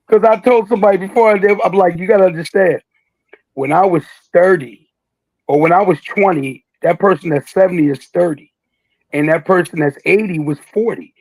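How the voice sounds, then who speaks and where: Older philly dude, jokey guest, raspy gravelly voice up high, dry close sound. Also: male voice, moderate pace, darkish tone, no room sound, low-quality recording. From Philadelphia. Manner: jokey, laughs a lot, slips into impressions. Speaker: guest, veteran rapper. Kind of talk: casual interview chat.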